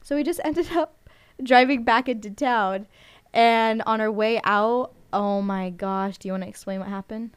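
A woman's voice: on the high side, normal speed, clear, resonant tone. A young woman hosting a college radio show, chatting in a rambling way with lots of fillers and giggles, on a studio microphone. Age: young adult. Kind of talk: casual radio chat.

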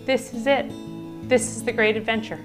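A woman's voice: a little high, steady tone, normal speed. A woman with a Philadelphia accent giving earnest, reflective scripted narration. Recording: narration over loud guitar music.

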